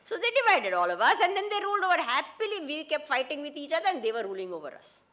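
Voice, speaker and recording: A woman's voice: high-pitched, very animated, fast talker, a bit bright. A woman with an Indian accent giving a talk to an audience, often asking them questions and mixing in Hindi and Gujarati phrases. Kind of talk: lecture to an audience.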